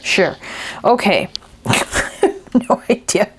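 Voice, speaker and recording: A woman with a mid-range, husky voice talks very slowly but with animation while hosting a craft video. She narrates casually as she works, thinking aloud and often half-whispering and mumbling to herself.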